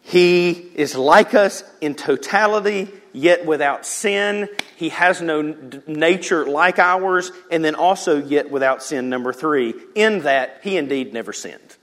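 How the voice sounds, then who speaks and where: A pastor preaching a sermon in a church, swinging from loud emphasis to hushed near-whispers and acting out quotes. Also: male voice, a little high, measured pace, few pauses. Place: church sanctuary.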